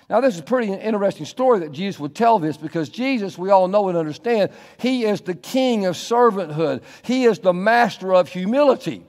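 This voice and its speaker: A man's voice: high voice, animated, moderate pace, a little mellow. A male pastor preaching a conversational, earnest sermon in a church, asking his congregation questions. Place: church sanctuary. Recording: long church reverb.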